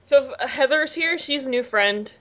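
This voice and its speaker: Woman host, valley-girl drawl, says "like" constantly; bright, slightly high voice, dull lo-fi sound. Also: normal speed. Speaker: podcast host. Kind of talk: casual chat.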